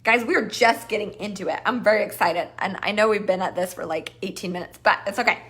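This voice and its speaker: Teaching a live masterclass, this woman business coach talks fast in a mid-range voice. She's playful and animated, performing the voices people hear in their heads.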